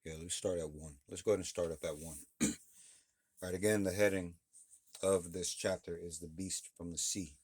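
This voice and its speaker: Low-voiced man teaching a Bible class. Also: fairly even intonation, normal speed, a little mellow, slightly rough, no room sound, studio quality. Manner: keeps checking in with "all right?" and "okay?" between points; reads scripture aloud, then explains it loosely with restarts.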